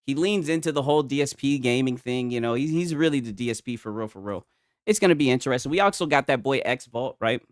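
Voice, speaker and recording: A man's voice: medium pitch, animated, fast talker, no room sound, studio quality. A young man streaming live, reacting to gaming news in a loose, joking, slangy way, and talking to his chat with many "right?" tags. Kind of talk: casual livestream commentary.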